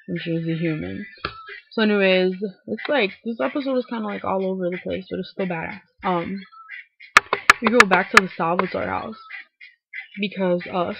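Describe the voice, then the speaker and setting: A young woman recapping a TV episode in a chatty, filler-heavy way, swearing casually and sounding a little low from feeling unwell. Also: creaky. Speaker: TV recap vlogger. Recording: dull lo-fi webcam audio with faint hiss.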